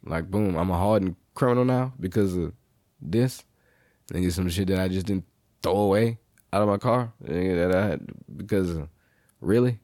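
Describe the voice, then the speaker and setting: Profane, low-voiced man ranting. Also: normal speed, dry recording, clean studio sound. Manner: profane, animated storytelling. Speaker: podcast host. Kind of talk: casual monologue rant.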